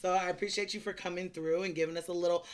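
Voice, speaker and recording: A woman hosting a podcast over a video call, chatty and excitable, laughing often as she talks. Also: fairly low pitch, rapid-fire. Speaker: podcast host. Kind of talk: casual interview chat.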